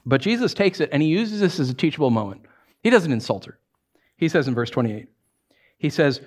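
Animated male pastor preaching. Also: a little high, a little fast, long pauses. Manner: animated, acts out voices with laughs. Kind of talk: sermon. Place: church.

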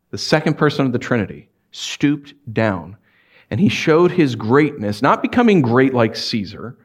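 A pastor preaching a conversational sermon in a church, animated and questioning the congregation. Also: male voice, on the low side. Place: church sanctuary.

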